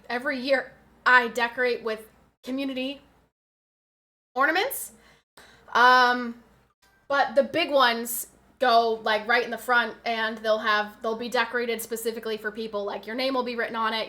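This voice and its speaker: A woman's voice: on the high side, bright, forceful tone. A woman in her twenties chatting casually on a livestream, reading out and answering chat with frequent laughs. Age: 20s.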